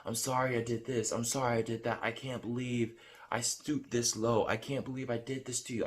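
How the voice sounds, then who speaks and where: Remorseful young woman's voicemail, read by a man, pleading, repetitive, apologetic, mid-pitched. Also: lightly acted.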